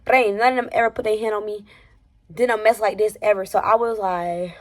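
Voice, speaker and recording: A young woman telling a personal story on her vlog, in a casual, slangy, animated way, swinging between loud exclamations and hushed asides. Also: mid-range voice, a little fast.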